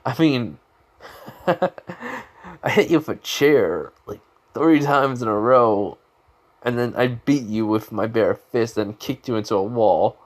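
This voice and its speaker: A man's voice: mid-range voice, takes it slowly. A man voicing a cocky young male villain student who taunts and threatens, with a smug, laughing manner.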